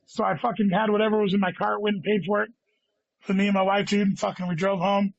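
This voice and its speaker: Guest comedian, male, higher voice, rambling profane storyteller, dry, dull lo-fi recording. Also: little pitch movement, brisk, gravelly, dry recording. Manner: rambling, heavy swearing, says "dude" constantly. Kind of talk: casual storytelling chat. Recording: dull lo-fi sound.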